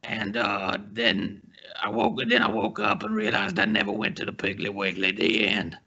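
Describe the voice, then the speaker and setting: A man doing an impression of a goofy bearded man who rambles through a silly story, gravelly and breathy, on dull lo-fi podcast audio. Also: sits high, very animated, normal speed, sharp tone, pitched above the performer's own voice, exaggerated voice. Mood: rambling, goofy. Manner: rambling, chuckling through the tale.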